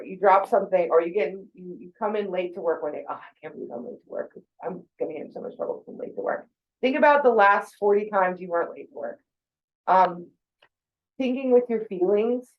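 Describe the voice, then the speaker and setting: A woman's voice: mid-range voice, dull audio. A woman in her forties giving a casual, conversational talk about thinking habits, with fillers and quoted asides. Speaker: speaker on mental health.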